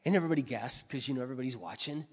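A man preaching a sermon, telling stories with big swings between quiet and shouted passages. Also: mid-range voice, very fast, husky. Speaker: pastor. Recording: dull sound with long hall reverb.

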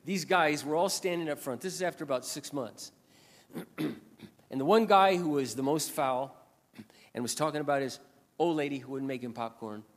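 A man preaching a sermon in a storytelling way, animated and swinging between loud passages and quiet asides. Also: a little high, moderate pace, long reverb tail. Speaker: pastor.

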